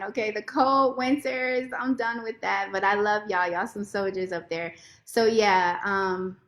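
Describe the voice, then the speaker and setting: A woman lawyer giving a heartfelt, expressive personal testimony as a podcast guest. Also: mid-range voice. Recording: roomy echo.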